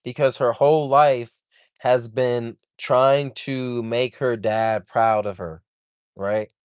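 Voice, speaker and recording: Speaking slowly with fairly even intonation, this livestream host rambles through a heated, profane rant, returning again and again to the same grievances. His mid-range voice is smooth and resonant, recorded close and dry with no echo.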